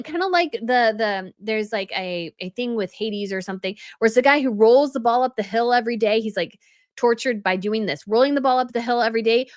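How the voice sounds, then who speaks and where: A woman's voice: a little high, no echo, clean studio sound. A woman giving casual news commentary as a channel host, chatty and full of fillers.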